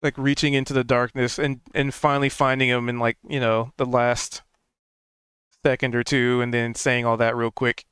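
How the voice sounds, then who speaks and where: A man running a tabletop game as game master. His voice is smooth and clear, recorded close and dry, and he explains rules in a relaxed way with plenty of fillers. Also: medium pitch, normal speed, no echo.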